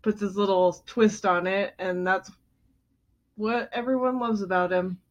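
A woman's voice: medium pitch, steady tone, a little slow. A woman co-hosting a podcast, dryly teasing her co-host in casual banter. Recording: dull lo-fi home recording.

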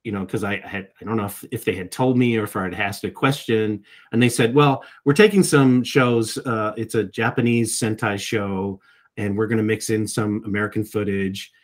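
A man's voice: fairly low pitch, fairly even intonation, normal speed. A middle-aged man, a voice actor, giving reflective interview answers and often repeating words as he starts a thought. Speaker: voice actor guest.

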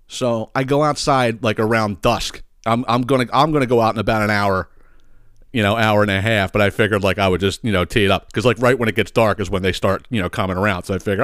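A man's voice: medium pitch, brisk, fairly bright tone, no echo, studio quality. A man hosting a podcast, telling a rambling, profane story full of fillers and sidebars. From Philadelphia area. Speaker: podcast host. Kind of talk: casual comedic monologue.

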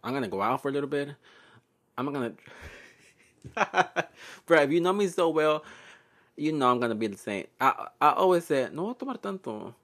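A man's voice: a little high, expressive, normal speed, long pauses, fairly bright tone. A young man, hosting a podcast in a sassy, profane, laugh-filled casual monologue. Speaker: podcast host.

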